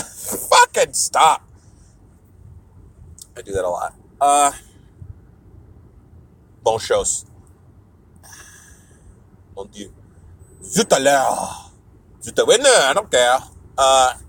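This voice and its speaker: A man's voice: mid-range voice, sing-song, takes it slowly, long pauses, a bit bright, a little hiss or hum. A man who does stand-up, rambling through a profane podcast monologue while on the road, jumping into mock voices and scraps of broken French. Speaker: comedian.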